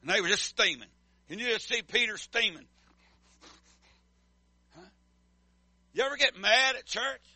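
A man's voice: high voice, expressive, measured pace, long pauses, pushed and bright, no room sound. A middle-aged man preaching a sermon as pastor, calling for responses from the congregation. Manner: emphatic call-and-response preaching.

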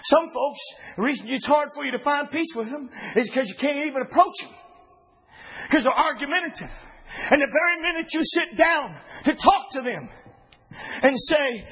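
A man preaching a sermon to his church, fervent, rising to shouts with breathy "uh" pauses. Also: extremely high pitch, animated, poor audio. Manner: fervent, builds to shouting with 'uh' pauses and 'woo'.

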